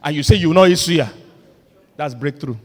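A male pastor, preaching a lively, humorous sermon that builds to loud emphatic points. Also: a little high, a little fast, slight background noise. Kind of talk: sermon on marriage. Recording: long reverb of a large hall.

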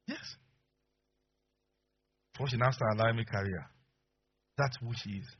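A man preaching a sermon as pastor, telling stories with animated delivery and frequent laughter, on a dull lo-fi recording. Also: mid-range voice, moderate pace, slightly rough. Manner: animated storyteller, acts out voices, laughs often.

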